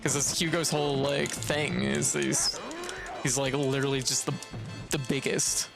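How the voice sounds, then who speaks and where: A livestreamer from Canada rants about a game in a gravelly voice, swearing freely and sounding exasperated. The tone stays casual and talkative, like running commentary on a home stream. Game music plays clearly underneath. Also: mid-range voice, flat delivery, normal speed. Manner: profane, exasperated ranting with frequent laughs. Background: video game music.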